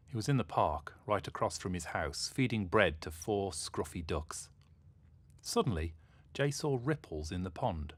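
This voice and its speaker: A man narrates a children's storybook in a low, expressive voice. His pitch swings widely to animate the tale. The recording is dry and close. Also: unhurried, dry recording.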